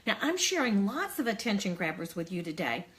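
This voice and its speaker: An older woman, an early childhood educator, giving friendly, encouraging classroom tips between slow, singsong chant demonstrations. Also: mid-range voice, sing-song, a bit bright. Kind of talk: teacher training demonstration.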